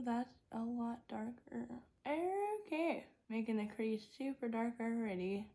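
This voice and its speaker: Young female beauty vlogger, slightly high voice, chatty step-by-step tutorial delivery. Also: warm tone. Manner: chatty, talking through each step. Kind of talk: casual makeup tutorial talk.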